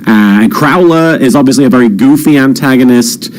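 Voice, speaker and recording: A man's voice: mid-range voice, a little fast, darkish tone, rough recording. A man hosting casual reaction commentary, rambling with many fillers and restarts. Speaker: channel host.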